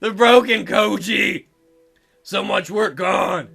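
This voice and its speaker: A man's voice: sits high, slow, gravelly, pushed and bright, slightly rough, soft background music, heavily acted. Man doing a weepy clumsy girl Santa. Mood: despairing. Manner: sobbing, wailing and self-pitying. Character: clumsy, tearful young woman Santa. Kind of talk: reading a visual novel aloud.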